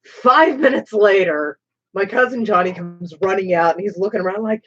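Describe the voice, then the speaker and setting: A woman hosting a stream, telling a story in a casual, animated way with some swearing. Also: medium pitch, normal speed, husky, lo-fi sound. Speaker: streamer host. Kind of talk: casual storytelling while painting.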